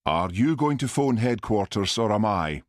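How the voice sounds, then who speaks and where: A man's voice: fairly low pitch, animated, moderate pace, dry recording, clean studio sound, voice pushed up, close to an everyday voice. A man voicing a weary but firm village policeman in an audiobook.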